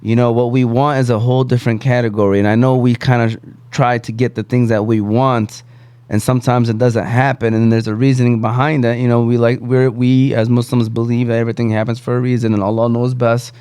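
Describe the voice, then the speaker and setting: A man's voice: mid-range voice, little pitch movement, a little fast, a little mellow, clear, resonant tone, dry recording. A man hosting a podcast, talking reflectively in a casual chat with many restarts. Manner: reflective, talks in restarts and "you know". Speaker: podcast host.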